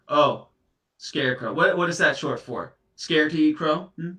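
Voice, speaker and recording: In a comedy sketch, a man plays a guilt-stricken serial dumper facing his ex's ghost, stammering out flustered apologies. His voice is a little high, bright, and forceful, delivered without hurry, and the recording comes through a distant mic in an echoey room.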